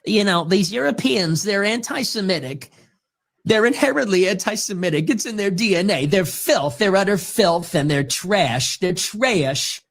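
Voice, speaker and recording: Man doing a sneering caricature, low slow disdainful drawl, lively swoops. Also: gravelly, exaggerated voice. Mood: disgusted.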